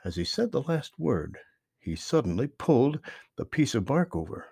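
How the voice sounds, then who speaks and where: Gravelly, lively storybook narrator man. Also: medium pitch, normal speed, no room sound, studio quality. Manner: expressive storytelling with lively emphasis. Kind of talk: reading a children's book aloud.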